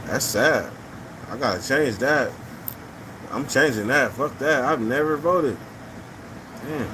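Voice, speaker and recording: Guy on a livestream reading comments, blunt and cussing, mid-pitched voice, slight background hum. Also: takes it slowly. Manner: blunt, profane, repeats his points. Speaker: live show host reading viewer comments. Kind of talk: casual opinionated livestream talk.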